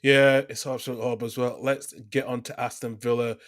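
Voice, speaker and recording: A man's voice: medium pitch, level tone, fast talker, no echo. A man talks through football results on a podcast in a dry, close sound. He rambles, circling back with fillers and restarts as he goes. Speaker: podcast co-host. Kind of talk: casual football chat.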